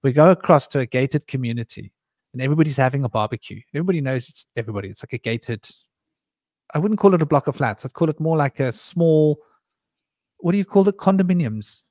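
A man's voice: medium pitch, animated, fast talker, darkish tone, dry recording, studio quality. A man hosting a candid conversation, telling long rambling personal stories full of asides and restarts. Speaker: podcast host.

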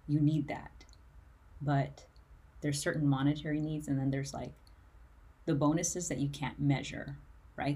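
A woman's voice: low voice, little pitch movement, measured pace, pauses often, dark tone, husky. A woman music career coach talking to camera in an earnest, emotional way, tearful at times and full of "like" fillers. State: tearful, near crying. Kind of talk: motivational talk to camera.

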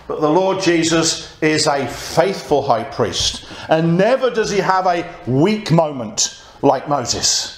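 Preacher in an echoey hall. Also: male voice, on the high side, animated, takes it slowly. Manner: conversational preaching, reads scripture aloud. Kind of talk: sermon. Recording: echoey church room.

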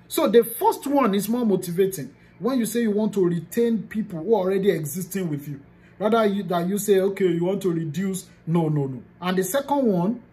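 A woman's voice: mid-range voice, mellow. A woman with a Nigerian accent giving a motivational coaching talk. She talks emphatically, repeats key phrases and slips into pidgin. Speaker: business coach.

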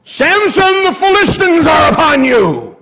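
A man voicing a wheedling young woman temptress who keeps nagging and pleading, in a slow, raised voice. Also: very high-pitched, creaky, darkish tone, voice pushed up, full character voice. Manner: whining, pleading.

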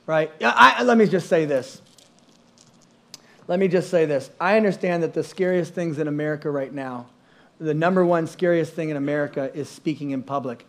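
High-voiced, animated, self-mocking preacher man. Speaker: pastor. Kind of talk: storytelling sermon. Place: church stage.

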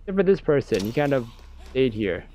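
Excitable jokey male gamer narrating play, very lively pitch. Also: brisk. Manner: excitable, jokey, talks to himself. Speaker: game streamer. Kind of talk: let's play commentary.

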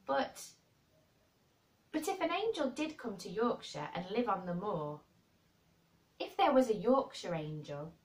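A woman's voice: mid-range voice, pitched above the performer's own voice. A woman voicing a blunt, plain-spoken girl who talks frankly and earnestly. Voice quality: frank and brisk. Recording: roomy and distant.

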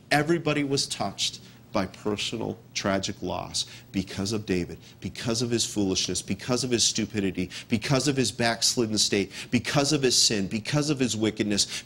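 A man preaching a verse-by-verse sermon as pastor, repeating key phrases with emphasis and dropping to a hush to stress a point. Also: medium pitch. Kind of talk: expository sermon.

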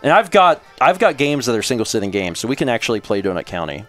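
Brief: male streamer, animated up-and-down delivery, chatty, faint music underneath. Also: mid-range voice, fast. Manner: chatty, thinks aloud, laughs often. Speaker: streamer host. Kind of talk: casual chat while setting up a game stream. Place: home streaming setup.

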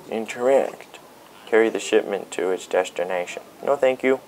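A man's voice: fairly low pitch, normal speed, darkish tone, a little hiss or hum, poor audio. A man giving casual, joking commentary as he plays a video game. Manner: joking, riffs and sings along. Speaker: let's play gamer.

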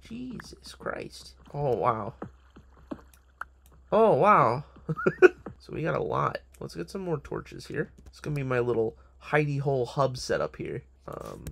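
A young man rambles through his own game, joking and swearing at himself, his pitch swinging widely from line to line. His voice has a gravelly edge, and a faint hiss sits under the recording. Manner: profane, joking, talks to himself. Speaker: gamer. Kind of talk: casual gaming commentary.

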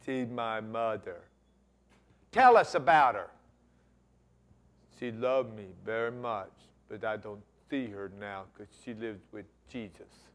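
A man doing a slow, soft-spoken simple young man. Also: lowish voice, pitched below the performer's own voice. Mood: plain.

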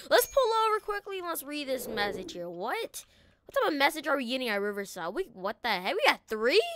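Brief: woman game commentator, very high and bright, excitable, lots of exclamations. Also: slight background noise. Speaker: gaming video host. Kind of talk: excitable let's-play commentary.

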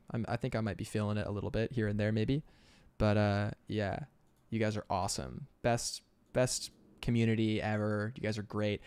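A man's voice: fairly low pitch, darkish tone, clean tone, no echo. A man chatting casually on an art livestream, upbeat and chatty, laughing often. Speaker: concept artist streamer.

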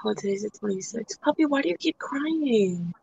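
Lively woman chatting on a live stream. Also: fairly high pitch, normal speed, creaky, lo-fi sound, slight background noise. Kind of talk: casual chat.

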